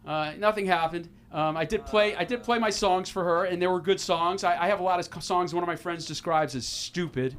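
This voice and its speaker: A man in his fifties doing self-deprecating stand-up into a handheld mic on a small club stage. His voice sits a little high, and he stumbles and restarts as he goes. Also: a little fast, hardly any pauses, a bit bright. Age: 50s. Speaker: open mic comedian. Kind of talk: stand-up comedy set.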